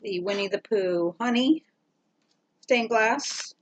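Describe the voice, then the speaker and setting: A woman's voice: on the high side, slow, slight background noise. Easygoing woman rambling show-and-tell. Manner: easygoing, rambling, many fillers. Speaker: co-host. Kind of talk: casual show-and-tell chat.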